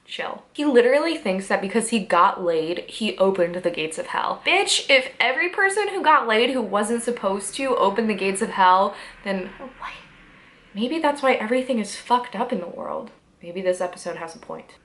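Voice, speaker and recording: A woman's voice: medium pitch, lively intonation, fairly bright tone. Woman reviewer for a casual recap vlog, sarcastic, irreverent, swears freely, mid-range voice. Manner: acts out characters' lines in quick quoted bits. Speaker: TV episode reviewer.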